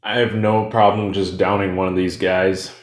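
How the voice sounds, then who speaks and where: A man with a lowish voice talks through a beer review in a loose, rambling way. He fills gaps with "like" and "you know" and keeps drifting off topic. The room around him is noticeably echoey. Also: level tone, moderate pace, background noise. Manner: loose and chatty, rambles off on tangents with fillers.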